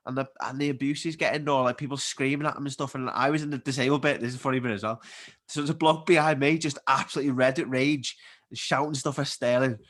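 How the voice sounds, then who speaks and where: A young man with a broad Scouse accent tells stories in a casual podcast chat. He speaks at a fast clip with lively, animated energy. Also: mid-range voice. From Liverpool, England. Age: 20s. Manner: animated storyteller, quick and chatty. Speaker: guest athlete.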